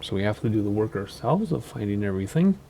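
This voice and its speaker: A man's voice: fairly low pitch, very animated, fast talker, vocal fry, warm tone, a little hiss or hum. A tired, sleep-deprived man hosting a flight sim channel, giving casual, rambling gameplay commentary with many ums and self-corrections.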